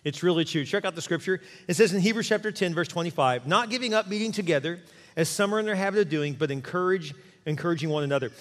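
A middle-aged man preaching a sermon in a church, animated and conversational, acting out quotes as he goes. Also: sits high, quick pace, in a large hall. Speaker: pastor. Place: church sanctuary.

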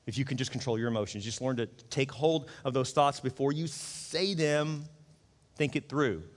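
A man's voice: mid-range voice, fairly even intonation, moderate pace, in a large hall. A middle-aged man preaching a conversational sermon as pastor, acting out the voices he quotes.

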